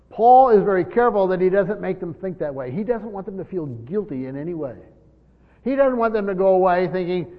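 Brisk and expressive, a high-voiced pastor delivers an earnest verse-by-verse sermon. He doubles back on words, hammers key terms and speaks as imagined characters, captured in a dull lo-fi church hall with long reverb.

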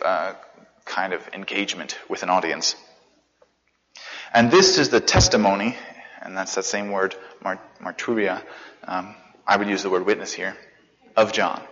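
A man with a fairly low voice explains scripture in a relaxed, chatty way, circling back to repeat key phrases. His voice rings with a long hall reverb. The sound is dull and lo-fi. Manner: conversational, repeats phrases for emphasis, many fillers. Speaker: Bible study teacher. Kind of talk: casual scripture teaching.

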